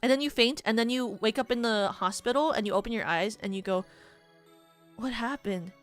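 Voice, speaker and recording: Quick-paced and on the high side, this woman's voice is clear and resonant as she chats casually on her VTuber stream. She rambles through hypotheticals, giggling often and saying "like" a lot, with faint music behind her.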